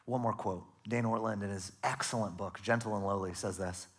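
Husky-voiced pastor preaching in hushed tones. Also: male voice, fairly low pitch, fairly even intonation, fairly quick. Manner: earnest, dropping to soft, hushed emphasis. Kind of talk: sermon.

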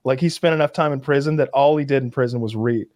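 This Kentucky man rambles through casual chat, piling up fillers and false starts as he gets more enthusiastic. He talks fast in a mid-range, darkish voice, recorded dry and close to the mic with no room echo.

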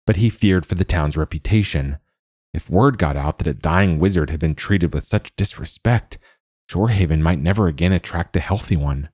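A man narrating a storybook in a measured, wry way. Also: rumbling low, a little mellow, dry recording, clean studio sound.

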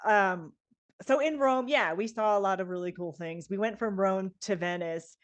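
A middle-aged woman telling a story in casual chat, animated, laughing often and swearing freely. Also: mid-range voice, normal speed, dull audio. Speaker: guest telling a travel story.

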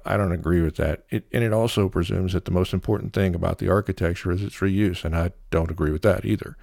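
A man hosting a solo podcast episode, explaining his opinions in a measured way with the occasional filler. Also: deep voice, gravelly, darkish tone, no echo, studio quality. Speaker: podcast host.

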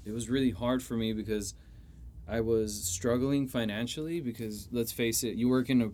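A man's voice: medium pitch, moderate pace, dark tone. A young man, a chef, talking casually on a podcast, swearing freely and leaning on "you know". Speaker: chef guest.

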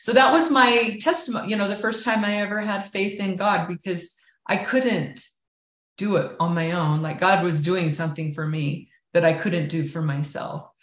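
A woman's voice: lowish voice, normal speed, fairly bright tone. A woman telling her personal story of faith as an interview guest, earnest and candid, often saying "like" and "you know". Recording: roomy echo.

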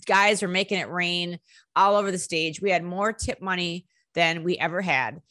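A woman with a bright, sharp voice and a low-leaning pitch tells a story in a casual interview. She is animated and salty and acts out quotes in sudden bursts. The sound is dry and close, with no room around it. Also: moderate pace, dry recording. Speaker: musician guest.

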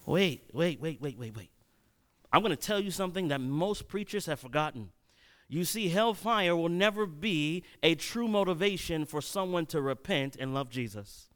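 A man preaching a sermon, telling a personal story and swinging between loud and hushed delivery. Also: fairly high pitch, lively intonation, normal speed, clean tone.

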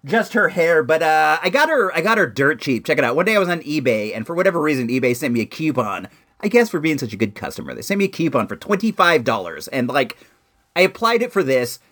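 A man casually chatting to the camera about an action figure in his collection, laid-back and excitable, peppering his talk with "like" and "dude". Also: a little high, fast talker. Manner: excitable, voice jumping up and down.

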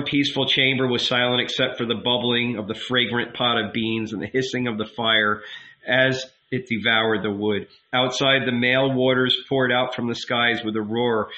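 Audiobook narrator, male, measured, bright tone, slightly muffled recording. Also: mid-range voice, steady tone. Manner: measured, unhurried. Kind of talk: audiobook reading.

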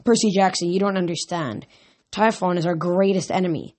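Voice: mid-range voice, fairly quick, a little mellow, natural voice. A reader voicing an irritable, grumbling male messenger god in a storybook reading. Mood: stern.

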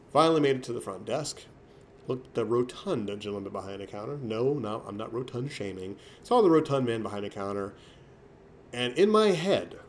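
A man vlogging a rambling, casual story, his delivery swinging from mumbled asides to sudden loud jumps. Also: lowish voice, a little hiss or hum.

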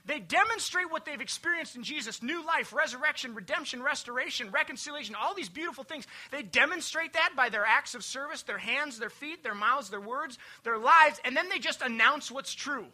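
A pastor delivers a Sunday sermon in a strikingly bright, sharp-edged voice. The delivery is emphatic, building refrains and lists, then dropping to hushed, low passages. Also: animated, fairly quick, few pauses. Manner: emphatic, swings between loud declarations and hushed, low passages.

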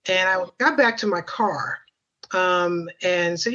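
A woman's voice: on the low side, slow, sharp tone, dull audio. A woman guest on a podcast telling a personal story in a chatty way, with many fillers and asides.

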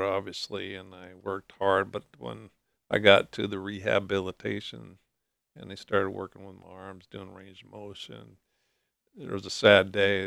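A man guest in a talk show interview, telling a personal story in a halting, soft-spoken way. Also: lowish voice, no room sound, clean studio sound. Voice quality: gravelly.

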